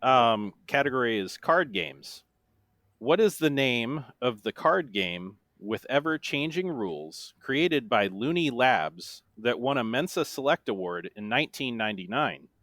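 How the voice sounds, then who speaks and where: A man reads trivia questions in a measured, plain manner at a middle pitch. The recording is close and dry. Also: expressive, fairly bright tone, no room sound. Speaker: guest quiz host.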